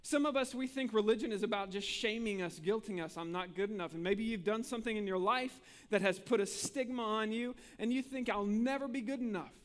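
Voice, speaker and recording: A man's voice: high-pitched, fairly quick, few pauses. A man preaching a sermon as pastor, earnest and building to emphatic peaks, often repeating words as he presses a point.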